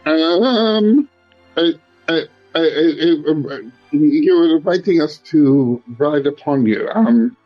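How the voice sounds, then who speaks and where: A man's voice: fairly high pitch, animated, slow, dull audio, soft background music. A man playing a tabletop game, speaking in a formal, old-fashioned manner for his character. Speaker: player.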